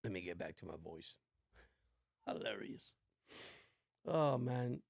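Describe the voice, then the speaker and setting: A man's voice: on the low side, expressive, slow, gravelly, no echo, clean studio sound. A man hosting a casual sports watch-along livestream, chatting in a rambling, laid-back way. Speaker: livestream host.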